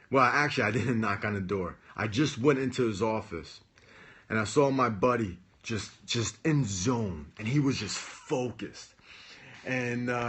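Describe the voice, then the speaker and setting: A man's voice: mid-range voice, fairly bright tone. A man and former Marine officer telling a personal story in a casual, chatty vlog style. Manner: chatty, with frequent fillers and restarts. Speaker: motivational vlogger.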